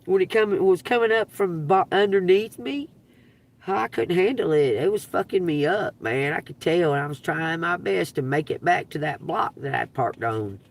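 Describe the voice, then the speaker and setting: A gravelly, lowish voice at normal speed belongs to a middle-aged woman with a Southern Georgia accent who reads tarot on a live stream. She rambles through a profane story, animated and laughing, captured in dry sound far from the mic.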